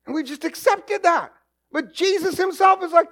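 A middle-aged man preaching a sermon as pastor, animated and jokey, with acted asides. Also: very high voice, normal speed.

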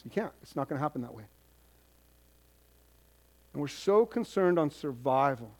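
In his sermon, a male pastor repeats points for emphasis and performs the voices of congregants he counsels as quoted asides. He sounds animated, his voice is on the high side, and he moves at a moderate pace with frequent pauses.

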